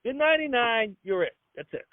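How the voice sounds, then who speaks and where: A middle-aged male comedian ranting excitably on a phone call, stumbling over restarts as he goes. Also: very high-pitched, no room sound. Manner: rapid, excitable ranting with repeated stammered restarts. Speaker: comedian guest. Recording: tinny phone line.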